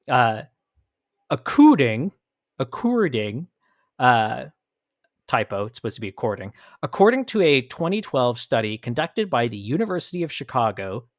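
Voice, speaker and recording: A man from the Pacific Northwest, hosting a podcast and commenting on a played clip in an animated, emphatic way with frequent restarts. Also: mid-range voice, no echo, studio quality. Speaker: podcast host.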